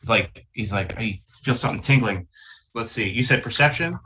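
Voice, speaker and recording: A man taking part in a tabletop game, with a bright, sharp tone in his middle voice. He talks hesitantly, thinking aloud about his character. A faint noise sits under the recording. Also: on the low side, moderate pace. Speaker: player. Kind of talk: casual tabletop game chat.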